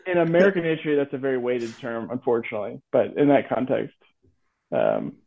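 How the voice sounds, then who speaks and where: A man's voice: mid-range voice, big pitch swings, fairly quick, gravelly. A man, hosting a podcast in casual conversation, musing thoughtfully and hedging with filler words. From Atlanta, Georgia. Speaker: podcast host. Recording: tinny phone-like line.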